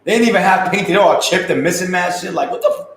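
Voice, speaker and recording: Give me a slangy, laughing man on a casual stream, slightly high voice, faint background noise. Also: quick pace, a bit bright, roomy sound, low-quality recording. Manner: loose, profane, laughing, talks in street slang. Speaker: livestream host reading viewer comments. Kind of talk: casual live-stream chat.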